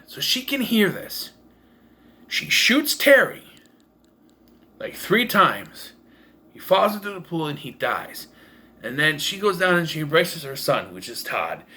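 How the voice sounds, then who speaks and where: A man rants his way through a movie review at home, rambling, blunt and profane, restarting his sentences often. His voice sits fairly high and sounds bright and forceful. He talks straight to a camera propped up on a makeshift stand. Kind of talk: casual movie review vlog. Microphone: camera propped on taped-together cases.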